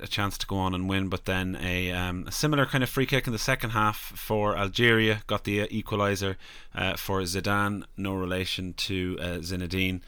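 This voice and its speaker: A man's voice: deep voice, bright, forceful tone, clean tone, no echo. A man co-hosting a podcast, recapping casually with fillers. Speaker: podcast co-host. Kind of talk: casual chat.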